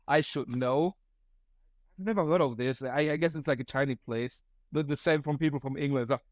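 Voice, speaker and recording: A man's voice: medium pitch, a little fast, no echo. Young German man, German accent, solo podcast host, rambling and profane, dry close mic. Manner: rambling, profane, laughs often, acts out quotes. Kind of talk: casual solo storytelling.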